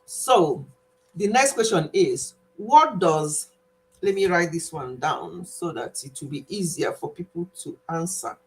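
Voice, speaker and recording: A woman's voice: on the low side, lively intonation, unhurried. A woman, hosting a casual live stream quiz and playfully scolding a viewer in a chatty way. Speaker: livestream host.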